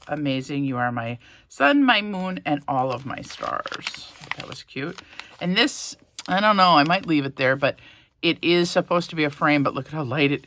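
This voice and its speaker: A woman vlogger casually showing a handmade journal, soft-spoken and a little emotional, rambling with fillers. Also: low voice, dry recording. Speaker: crafting vlogger. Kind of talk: casual show-and-tell.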